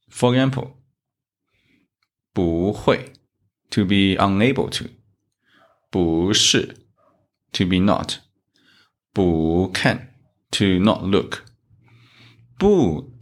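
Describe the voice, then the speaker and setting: Brief: male Chinese-accented language teacher, low voice, unhurried, deliberate delivery. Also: a bit bright. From China. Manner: speaks Chinese examples slowly and deliberately. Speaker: Chinese teacher, podcast host. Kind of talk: slow, methodical language lesson.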